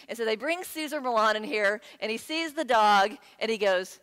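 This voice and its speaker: A woman giving a sermon in a conversational, playful way, with lively asides to the congregation. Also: fairly high pitch, fairly quick, hardly any pauses. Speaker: guest speaker. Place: church sanctuary. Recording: long hall reverb.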